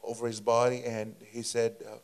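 A man's voice: medium pitch, completely flat delivery. Fervent preacher man telling a testimony. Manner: fervent, repetitive, halting with fillers. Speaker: preacher, guest. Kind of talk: testimony storytelling.

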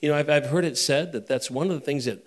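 A man's voice: fairly high pitch, quick pace. Affirming male Christian talk host. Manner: affirming, encouraging. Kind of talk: Christian talk show chat.

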